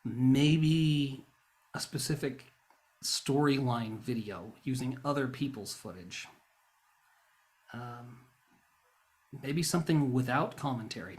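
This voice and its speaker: A man talking straight to camera in a rambling, casual monologue. He rants and mocks himself wryly, and sometimes flares into loud bursts. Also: medium pitch, slow pace, pauses often. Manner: ranting, wry and self-mocking. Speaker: YouTuber.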